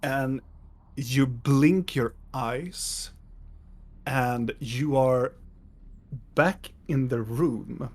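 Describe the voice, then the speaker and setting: A man narrating as game master of a tabletop game, describing the scene in a halting way with many fillers. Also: medium pitch, darkish tone.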